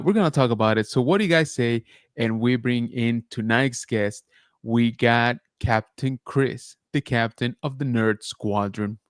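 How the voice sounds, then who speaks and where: A man's voice: medium pitch, clean tone, no room sound, studio quality. A man hosting a casual livestream chat show, talking loosely with lots of fillers and reading viewer comments aloud. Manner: chatty, many fillers, reads chat aloud. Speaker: podcast host.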